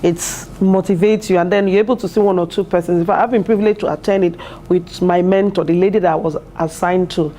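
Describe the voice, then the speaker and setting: A woman in her thirties speaks in a mellow, lowish voice, earnest and heartfelt as she describes her studies. She talks in an interview, with plenty of fillers and restarts. A faint ambient hiss sits behind her. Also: fairly even intonation, quick pace. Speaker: PhD student and mother. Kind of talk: interview testimonial. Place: university building.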